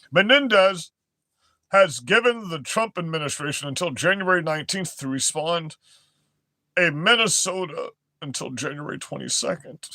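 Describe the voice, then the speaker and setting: A man's voice: on the high side, pushed and bright, no echo. A young man reading news headlines aloud and breaking into profane, aggressive, mocking rants as a commentary host.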